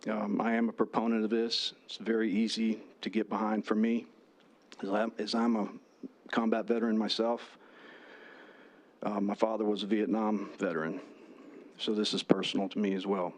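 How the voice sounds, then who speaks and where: Man, veterans' commander, earnest testimony, low pitch, flat delivery. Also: normal speed. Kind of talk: prepared testimony. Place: legislative hearing room.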